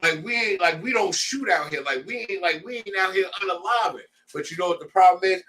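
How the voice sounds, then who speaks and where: A man's voice: high-pitched, expressive, brisk, sharp tone, recorded from a distance. A man leading a scripture class, preaching in a heated, blunt way with street slang. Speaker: class leader.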